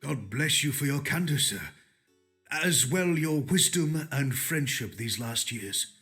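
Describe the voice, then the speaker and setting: A man's voice: mid-range voice, lively intonation, measured pace, fairly bright tone, faint music behind. An actor playing a humble, sickly Elizabethan man with a solemn, prayerful delivery. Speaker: patient. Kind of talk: period game voice acting.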